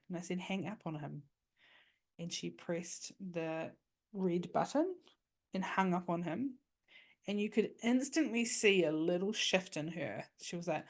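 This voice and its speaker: A woman's voice: lowish voice, unhurried. A woman, hosting a podcast and giving casual, coaching advice, often checking in with "okay?". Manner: chatty, coaching, frequent "okay?". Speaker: podcast host.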